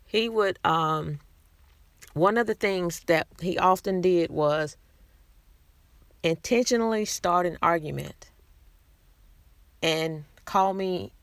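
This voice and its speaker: A woman with a bright, forceful voice talks frankly to her viewers in a casual vlog. She speaks conversationally and often restarts her sentences. The sound is dry and close. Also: on the low side, dry recording. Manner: candid, conversational, frequent restarts. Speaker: vlogger sharing personal experience. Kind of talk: casual talk to camera.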